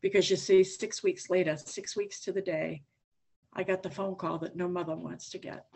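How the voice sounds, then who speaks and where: An older woman with a fairly low voice shares her story with a meeting. She talks plainly and candidly. Now and then a dry joke slips in. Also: fairly even intonation, moderate pace, gravelly, darkish tone, breathy edge. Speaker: AA speaker. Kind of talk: recovery share.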